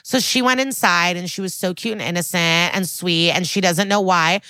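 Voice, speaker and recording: A woman's voice: fairly low pitch, pushed and bright, clear, resonant tone, dry recording. A woman co-hosting a podcast, casually recapping a TV episode and quoting the characters. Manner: chatty, quotes characters in quick voices, laughs often. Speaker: podcast co-host.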